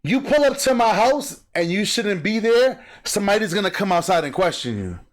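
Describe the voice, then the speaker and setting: A man hosting a reaction video, talking emphatically and acting out sounds and quotes in animated commentary. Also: high voice, moderate pace.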